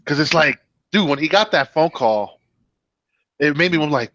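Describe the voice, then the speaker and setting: A man's voice: on the high side, expressive, a little slow, fairly bright tone, lo-fi sound. A man co-hosting a casual movie review chat, joking and laughing often.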